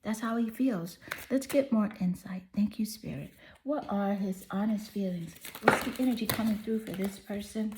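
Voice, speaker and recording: A woman's voice: medium pitch, normal speed, very noisy. A woman giving a pick-a-card tarot reading to her viewers, talking in a soothing, affirming and chatty way. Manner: soothing, affirming, chatty with "you know" fillers. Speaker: tarot reader.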